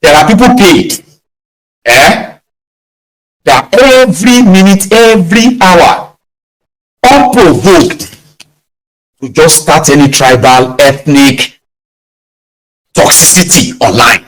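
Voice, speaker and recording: A Nigerian-accented man giving animated opinion commentary. His voice sits a little high, and he hammers his points home with emphatic tags. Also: takes it slowly, long pauses, rough recording. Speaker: online commentator.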